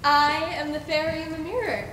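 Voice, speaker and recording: A young woman playing a kind, scatterbrained mirror fairy in a school stage play, gentle and coaxing. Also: high-pitched, fairly even intonation, moderate pace, a little hiss or hum. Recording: echoey hall, far off.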